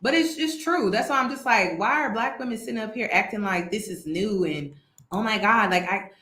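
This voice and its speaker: Woman vlog host, casual commentary, exasperated and emphatic, bright tone, roomy echo. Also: medium pitch, moderate pace. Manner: emphatic, exasperated, repeats points, slangy.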